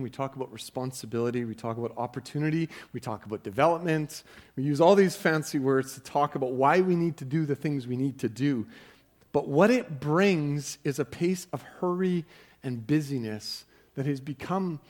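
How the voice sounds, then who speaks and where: A man's voice: on the high side, lively intonation, moderate pace, a little mellow. A man preaching a sermon in a conversational way, often repeating words as he starts a sentence. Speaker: pastor.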